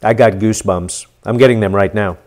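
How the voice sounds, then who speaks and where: A middle-aged man hosting a live-stream question session, talking in an earnest, animated and encouraging way. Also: on the low side, a little fast. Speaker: host.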